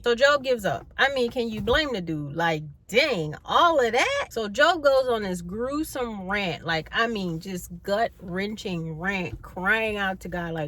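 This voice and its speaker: A woman's voice: mid-range voice, measured pace, few pauses. Slangy woman retelling a story for laughs. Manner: slangy, expressive, exasperated retelling. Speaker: video host. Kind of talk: comedic storytelling commentary.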